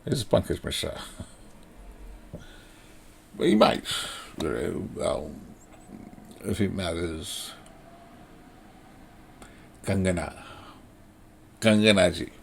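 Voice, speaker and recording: A man's voice: deep voice, sing-song, drawn-out words, vocal fry, long pauses, slight background noise. A middle-aged man from India giving a blunt, sardonic monologue commentary, profane and full of fillers. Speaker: political commentator.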